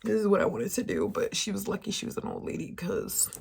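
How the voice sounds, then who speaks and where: A young woman in her twenties telling a storytime rant, profane and animated, putting on higher voices for the people she quotes. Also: fast, vocal fry, a little hiss or hum. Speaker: vlogger.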